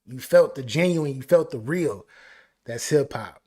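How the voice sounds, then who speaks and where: A man hosting a live album reaction stream, talking excitedly and repeating phrases. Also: mid-range voice, unhurried. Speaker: music reaction host.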